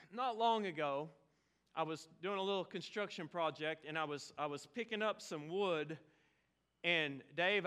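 Forties pastor, high bright voice, chatty self-mocking sermon storyteller. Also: male voice, smooth. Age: 40s. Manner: humorous, self-deprecating, chatty with congregation. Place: church sanctuary.

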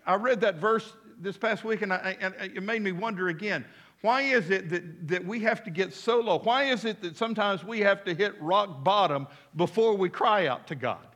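A man's voice: high-pitched, moderate pace, a bit bright. A man preaching a sermon as pastor, emphatic, with call-and-response to his congregation and casual asides. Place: church.

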